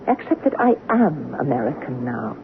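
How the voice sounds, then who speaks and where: A woman's voice: a bass voice, sing-song, normal speed, creaky, full character voice. An actress playing a teasing French wife in her fifties with a French accent, once a wartime resistance fighter, in 1970s radio drama acting. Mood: affectionate. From France. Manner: teasing, affectionate. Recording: tinny hissy old radio broadcast.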